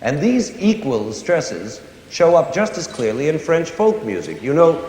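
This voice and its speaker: A man explaining music to young listeners, his voice rising and falling with lively expression. He stops to sing and hum short examples. The sound is roomy, with a long concert-hall reverb. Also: on the high side, unhurried. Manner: animated, sings and hums examples. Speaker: conductor giving a concert lecture.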